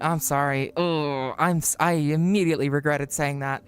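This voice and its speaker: A livestreamer chatting casually with viewers and friends, joking, swearing and mocking themselves, with the pitch jumping high for greetings. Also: steady tone, moderate pace, clean tone. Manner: joking, profane, self-mocking.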